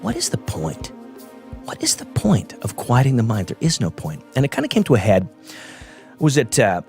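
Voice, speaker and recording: A middle-aged man hosting a show, delivering a self-absorbed comedic monologue that builds into excited outbursts. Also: on the low side. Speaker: podcast host.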